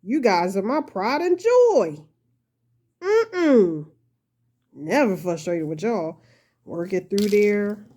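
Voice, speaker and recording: A woman's voice: mid-range voice, very animated, slow pace, pauses often, dark tone. Chatty woman hosting a crochet lesson. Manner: chatty, frequent laughter, self-deprecating; addresses viewers as y'all. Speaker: crochet tutorial host. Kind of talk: casual talk-through tutorial.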